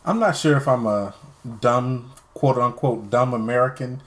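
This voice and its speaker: A man on a casual podcast giving his blunt opinions. His pitch is middling, and his speech is plain with a few hesitations. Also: unhurried. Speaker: podcast co-host.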